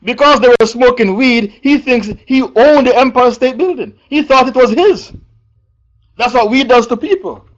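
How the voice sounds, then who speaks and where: A man with a fairly high voice teaches an evening religious lesson. He speaks slowly and deliberately, repeating verse numbers and key phrases and putting questions to his listeners. The recording is dull and lo-fi. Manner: slow and deliberate, asks the audience questions. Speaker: Islamic preacher teaching Quran commentary.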